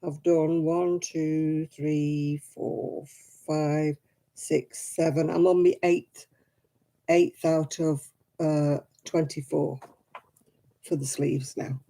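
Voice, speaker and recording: A woman's voice: deep voice, fairly even intonation, drawn-out words, mellow. A middle-aged British woman hosting a casual live stream from her desk, chatting and greeting viewers by name. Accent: British English. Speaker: livestream host.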